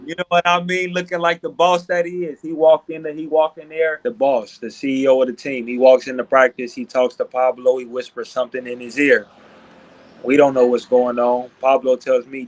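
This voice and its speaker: A man's voice: mid-range voice, level tone, moderate pace, poor audio. A man in his thirties, a basketball player, telling stories animatedly in a casual interview, often asking "you know what I mean".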